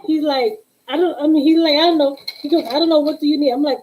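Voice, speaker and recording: A woman hosting a casual live stream, telling a story in a sassy, animated way and quoting the other side of the exchange. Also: high-pitched, brisk, slight background noise, poor audio. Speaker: tarot reader and live-stream host.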